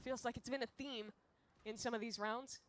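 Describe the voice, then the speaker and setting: A woman casting an esports match with brisk, analytical play-by-play commentary on a broadcast feed. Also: on the high side, steady tone, fairly bright tone, slight background noise. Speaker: esports caster. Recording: broadcast feed with crowd behind.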